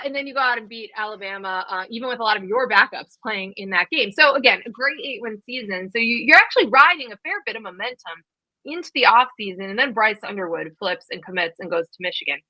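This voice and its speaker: A woman in her thirties co-hosting a college football podcast, talking fast and casually with lots of fillers. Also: medium pitch, pushed and bright, dry recording, low-quality recording. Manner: quick, chatty, many fillers. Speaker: podcast co-host. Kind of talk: casual sports chat.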